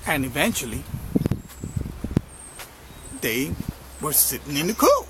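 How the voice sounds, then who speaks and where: Casual male vlogger, rambling storytelling, lively pitch, noisy outdoor recording. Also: slow pace. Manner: rambling, with frequent fillers. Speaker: motivational marketing vlogger.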